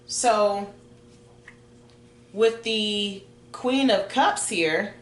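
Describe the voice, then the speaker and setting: Slow, encouraging woman reading tarot. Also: medium pitch, roomy sound. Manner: chatty, encouraging, slow and drawn-out. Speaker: tarot reader.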